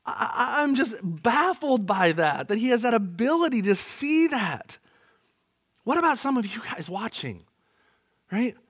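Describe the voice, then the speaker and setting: A man with a high, light voice preaches with earnest emphasis. He leans on rhetorical questions and presses his points home to the people listening. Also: sing-song, unhurried, a bit bright, husky. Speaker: pastor. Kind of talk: sermon. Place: church, to an online audience.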